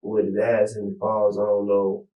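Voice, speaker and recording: A man speaking in a recorded police interview with a dark, mellow voice. He rambles and restarts his sentences, filling gaps with "you know what I'm saying". The old interview tape has an echoey room sound. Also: on the low side, monotone, normal speed, dull audio. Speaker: suspect being interviewed by detectives.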